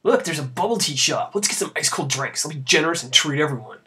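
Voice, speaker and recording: A man's voice: a little high, expressive, fast, pushed and bright. A man reading a smug young guy.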